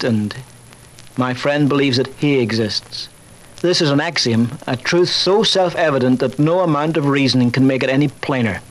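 Older male chaplain, slightly high voice, calm reasoned talk on faith with dry wit. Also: rough recording. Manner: measured and reasoned, with dry wry humor. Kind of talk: recorded talk on faith, told through anecdotes.

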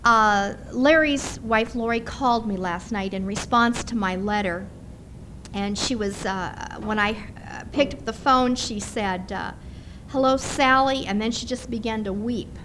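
A middle-aged woman preaching a sermon in a conversational, animated storytelling manner. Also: fairly high pitch, measured pace, a little hiss or hum.

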